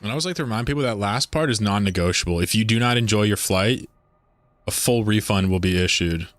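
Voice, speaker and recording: Low-voiced, joking male streamer. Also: fast, a bit bright, dry recording. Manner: joking, rambling, swears casually. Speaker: game streamer. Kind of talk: casual live-stream chat.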